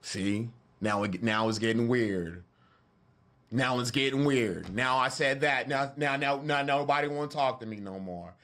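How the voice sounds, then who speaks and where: A man's voice: medium pitch, moderate pace, a bit bright. A man, talking loosely and joking with his stream chat from his studio. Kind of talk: casual livestream chat.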